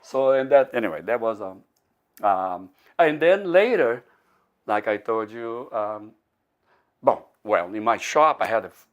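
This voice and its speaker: An older man from Brazil telling a personal story in English, animated and rambling, with frequent laughs and many restarts. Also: lowish voice, measured pace, long pauses, muffled recording. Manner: animated, acts out quoted voices, laughs often.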